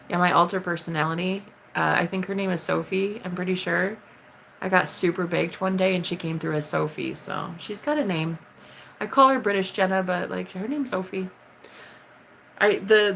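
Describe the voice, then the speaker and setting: A woman talks casually to her live-stream viewers in a low voice with plenty of vocal fry. She is blunt and swears freely, and her voice leaps high whenever she greets someone. A faint noise runs under the recording. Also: fairly bright tone. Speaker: livestreamer.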